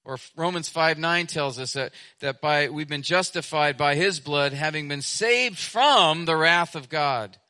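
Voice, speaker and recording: A man preaching a sermon as pastor, emphatic, repeating his phrases and swinging between loud stretches and soft, hushed ones. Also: a little high, measured pace, hardly any pauses.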